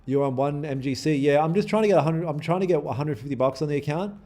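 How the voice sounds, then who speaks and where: A man's voice: on the high side, fast talker, mellow. Casual, swearing man chatting on a trading stream. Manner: casual, swears freely, pleads and jokes with chat. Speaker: day trading livestream host. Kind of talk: live-stream chat and trading commentary.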